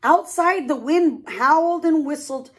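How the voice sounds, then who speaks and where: A woman's voice: high-pitched, unhurried. A woman preschool teacher reading a picture book aloud to young children, stopping often to ask them questions. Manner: asks children questions, warm sing-song asides. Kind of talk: storybook read-aloud for children.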